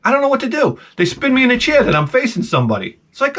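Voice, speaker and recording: Older male vlogger, high and very expressive, salty comic storyteller. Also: fast, hardly any pauses. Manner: animated, profane, acts out his own reactions. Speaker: vlog host.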